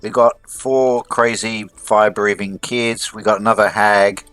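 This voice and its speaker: A man's voice: lowish voice, steady tone, a little slow, music in the background. A man playing a tabletop game, talking casually and correcting himself as he goes. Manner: rambling, self-correcting. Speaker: player.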